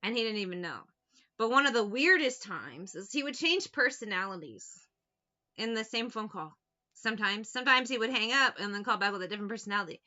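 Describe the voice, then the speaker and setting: A woman's voice: mid-range voice, animated, brisk, sharp tone, lo-fi sound. A woman talking bluntly and with a lot of swearing as she tells anecdotes in a casual monologue as a tarot reader. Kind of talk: casual straight-to-camera monologue.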